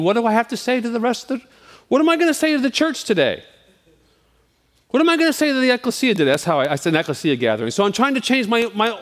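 A man's voice: sits high, a bit bright. A male pastor giving an informal, candid sermon, self-deprecating and chatty, often restarting his sentences. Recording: long hall reverb.

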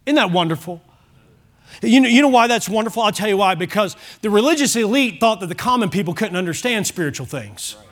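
A man preaching a sermon as pastor, driving points home with shouted emphasis and rhetorical questions. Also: sits high, animated, fairly quick.

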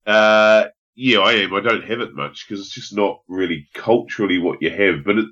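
A man's voice: on the low side, normal speed, sharp tone, muffled recording. A man in casual chat who asks curious questions and jumps in with his own food memories.

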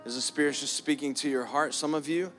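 Faint music from soft keys accompanies a pastor preaching in a church hall, his voice on the high side and fairly even in intonation. He talks fairly quickly and earnestly, often repeating words and stretching them out for emphasis.

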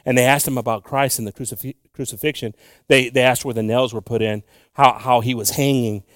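A male preacher delivering a bilingual sermon, moving from quiet, halting, intimate talk to loud, slow, drawn-out scripture reading. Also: medium pitch, steady tone, no room sound, clean studio sound. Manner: halting, with frequent fillers and restarts.

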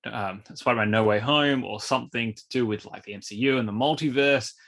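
Casting note: male podcast co-host, bright, forceful tone, rambling and animated. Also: mid-range voice, brisk. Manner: rambling, animated, repeats words. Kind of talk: casual film review chat.

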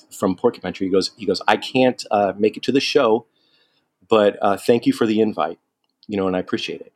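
A man telling a long story in casual chat, animated and quoting people as he goes. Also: fairly low pitch. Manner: animated, quotes people in lively asides.

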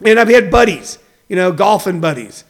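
A man's voice: high voice, expressive, moderate pace. A man hosting a show, ranting bluntly and mockingly for laughs. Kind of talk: comedic rant.

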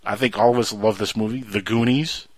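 A man's voice: fairly even intonation, brisk, no echo. A man hosting a casual movie talk show, enthusiastic and fond of reciting film quotes. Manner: enthusiastic, acts out film quotes with rising pitch. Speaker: podcast host.

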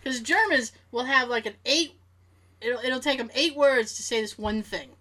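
In a loose podcast chat, a woman spins an everyday anecdote in a bright, forward voice that sits a little high. She keeps it animated, laughing easily and slipping into quick impressions of the people in her story. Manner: animated, laughs often, acts out quotes.

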